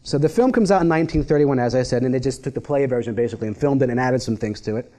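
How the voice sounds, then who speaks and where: A man giving a public university lecture in an animated, wry, conversational way. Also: medium pitch, rapid-fire.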